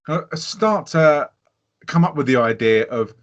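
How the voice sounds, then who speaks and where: A man co-hosting a podcast, chatting casually about a film, animated and laughing, swearing freely. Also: fairly high pitch, unhurried. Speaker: podcast co-host. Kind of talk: casual film review chat. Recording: dull lo-fi sound.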